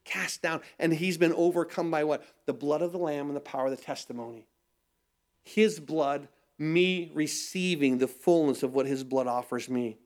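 A man's voice: a little high, moderate pace, a little mellow. A middle-aged male pastor preaching a sermon, asking rhetorical questions and repeating phrases for emphasis.

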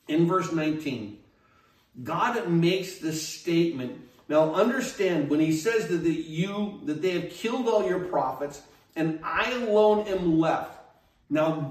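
Animated preacher in an echoey room. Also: male voice, on the high side, far from the mic. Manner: animated, retells scripture with dramatic voices. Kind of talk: sermon. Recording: echoey room, speaker away from mic.

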